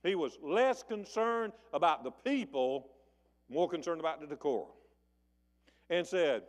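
Very animated and at a moderate pace, a pastor preaches in the big-room sound of a church sanctuary. He narrates the story in a folksy manner, performing each person's voice with big pitch and volume swings.

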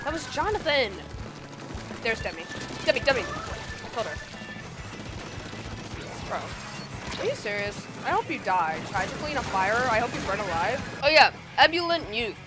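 A woman giving gameplay commentary, excitable and playful, bursting into mock-angry outbursts. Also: a little high, normal speed, pauses often. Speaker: gamer. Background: game music.

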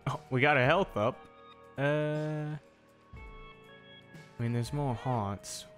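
A man's voice: mid-range voice, slow, fairly bright tone. Young man, casual gameplay commentary, talks to the screen, faint game music underneath. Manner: chatty, talks to the game and enemies. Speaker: gaming video creator.

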